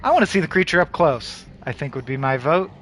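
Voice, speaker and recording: A man's voice: fairly high pitch, expressive, a little fast, a bit bright, slight background noise. A man playing a video game aloud, reading its text in casual, profane asides. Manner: casual, profane asides between read-outs. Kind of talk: game playthrough with narration.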